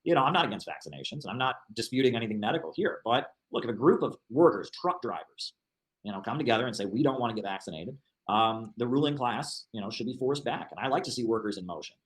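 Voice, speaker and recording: Fast-talking emphatic male commentator. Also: mid-range voice, expressive, low-quality recording. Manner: emphatic, argumentative, repeats points. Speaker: political commentator. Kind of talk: livestream political commentary.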